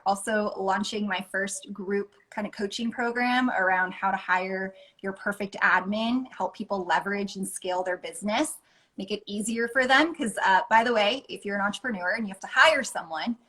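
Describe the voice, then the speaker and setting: A woman, a life coach, talking as a guest in a casual interview, earnest and enthusiastic and quick to laugh. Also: medium pitch, fairly bright tone, poor audio.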